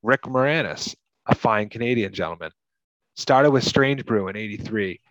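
A man's voice: lowish voice, lively intonation, moderate pace, a bit bright, dry recording, muffled recording. A man from Massachusetts co-hosting a casual movie podcast, rambling with lots of "like" and "you know". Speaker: podcast co-host.

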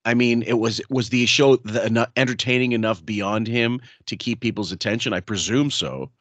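A man hosting a casual podcast chat, talking hesitantly with many pauses and fillers. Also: mid-range voice, a bit bright, no room sound. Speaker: podcast host.

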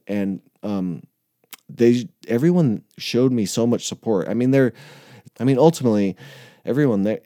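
A man's voice: fairly low pitch, mellow, no echo, clean studio sound. A man hosting a podcast, talking in a loose, casual monologue, swearing freely and laughing often. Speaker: podcast host.

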